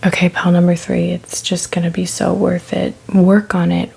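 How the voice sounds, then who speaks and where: A woman's voice: on the low side, monotone, moderate pace, creaky, warm tone, breathy edge. A woman giving a pick-a-card reading in a half-whispered voice, blunt and emphatic, repeating her points over and over. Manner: blunt, repetitive, emphatic reassurance. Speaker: tarot card reader.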